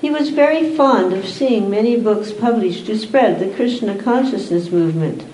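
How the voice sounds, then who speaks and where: A woman's voice: mid-range voice, animated, moderate pace, mellow, a little hiss or hum. Woman reading formally in an echoey room. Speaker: speaker at a devotional gathering. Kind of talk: reading aloud and addressing an assembly.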